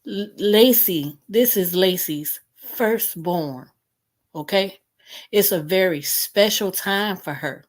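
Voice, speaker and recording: A woman's voice: mid-range voice, slow pace. A woman hosting a live stream talk, pleading and repeating herself as she makes her point. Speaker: host.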